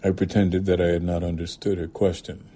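A man reading a literary short story aloud in a calm, measured way. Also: low-pitched, breathy edge. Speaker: reader.

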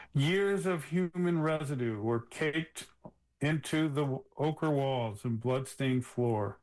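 Man reading his memoir, slightly high voice. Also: poor audio. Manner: measured storytelling delivery. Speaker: author reading from his book.

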